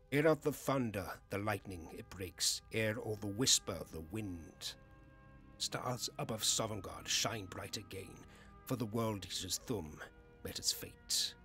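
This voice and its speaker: A man's voice: on the low side, bright, forceful tone, pitched below the performer's own voice. A man putting on an old man's voice to read an epic poem in a grave chant, slipping into whispers, his voice weak and strained.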